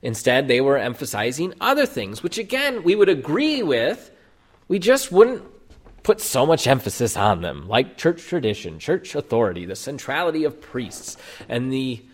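A male pastor delivers a sermon, his voice moving with lively rises and falls in pitch. He explains his points emphatically, stressing key words and posing rhetorical questions to the congregation. His voice sits at a middle pitch for a man. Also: moderate pace. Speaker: Lutheran pastor.

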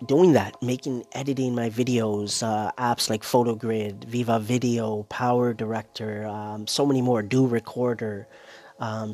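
A man talking casually on his own as a content creator, rambling and tagging lines with "right?", a little short of breath. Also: medium pitch. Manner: rambling, keeps adding "right?" and "you know". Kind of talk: casual solo monologue.

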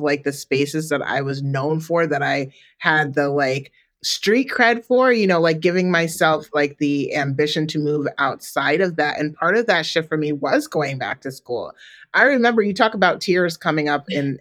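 A woman in her forties, co-hosting a podcast, telling a story in a relaxed, reflective way with many "like"s and "you know"s. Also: deep voice, unhurried. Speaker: podcast co-host. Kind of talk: casual chat.

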